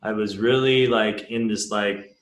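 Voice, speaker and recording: A man's voice: fairly low pitch, fairly even intonation, a little slow. Frank man telling his story, roomy echo. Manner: frank and emotional, swears casually, restarts sentences. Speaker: entrepreneur guest on a podcast. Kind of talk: candid conversational storytelling.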